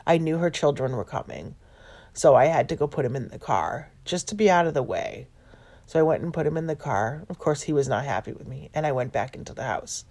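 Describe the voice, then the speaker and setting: A middle-aged woman telling a personal story in a halting, self-correcting way. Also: low voice, gravelly, a little mellow. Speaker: vlogger.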